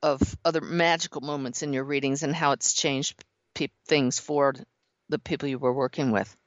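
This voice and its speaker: A woman's voice: rumbling low, fairly even intonation, moderate pace, dry recording, dull audio. A woman hosting an interview, affirming and encouraging her guest as they talk. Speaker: host. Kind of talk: interview chat.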